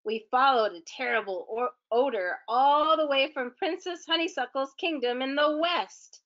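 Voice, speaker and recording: A woman's voice: sits high, moderate pace, fairly bright tone, muffled recording, pitched above the performer's own voice. A woman voicing an eager young woman acrobat hero in a storybook read-aloud. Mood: earnest.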